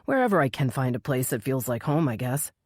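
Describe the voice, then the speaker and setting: A woman voicing a proud, grieving young man whose voice is deep and solemn. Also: very animated, brisk, breathy edge, no echo, studio quality. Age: young adult.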